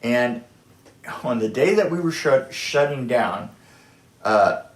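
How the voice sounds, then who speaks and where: Recorded in an echoey room, a middle-aged or older production designer swaps stories in a relaxed chat, often starting over and impersonating what others said. He speaks slowly and expressively at a medium pitch.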